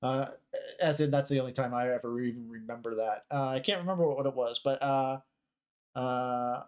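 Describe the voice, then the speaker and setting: A man hosting a podcast, giving casual, rambling commentary with halting pauses. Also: mid-range voice, clear, resonant tone. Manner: rambling, halting, with many fillers. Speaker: podcast host.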